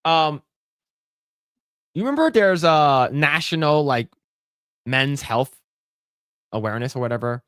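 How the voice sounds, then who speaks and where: A man co-hosting a casual podcast, talking bluntly and profanely with lively storytelling. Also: fairly high pitch, measured pace, long pauses, clear, resonant tone, dry recording, clean studio sound. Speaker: podcast co-host.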